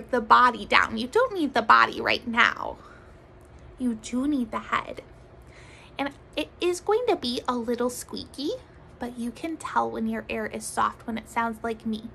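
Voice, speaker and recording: A woman music teacher leading a children's recorder lesson, speaking gently in a sing-song way and sometimes dropping to soft whispers. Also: fairly high pitch, a little slow, gravelly, a little hiss or hum, rough recording. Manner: drops to soft whispers to demonstrate.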